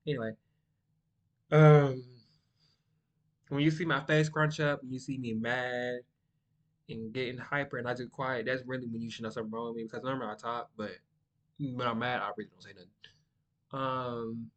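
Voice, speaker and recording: A young man, chatting casually and rambling to the camera, by his own account monotone. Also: mid-range voice, normal speed, long pauses. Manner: rambling, sidetracked, self-described monotone. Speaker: vlogger.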